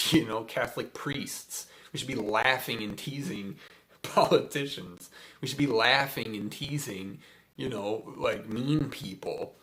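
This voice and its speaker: Rambling, chuckling man, low voice. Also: a bit bright. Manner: rambling, chuckling, many fillers. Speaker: spiritual host. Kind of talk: casual spiritual livestream talk.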